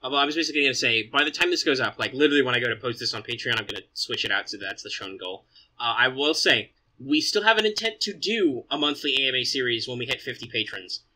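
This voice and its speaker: A man's voice: medium pitch, lively intonation, fast talker, bright, forceful tone, poor audio. A man co-hosting a casual podcast, explaining channel plans at length in an upbeat way. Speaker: podcast co-host. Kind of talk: casual chat.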